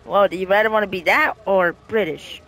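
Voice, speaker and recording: A man's voice: high voice, a little fast, pushed and bright, faint music behind. A man hosting a goofy game roleplay, joking, laughing and apologizing to his robot sidekick. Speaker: gaming roleplay host. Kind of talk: casual game roleplay narration.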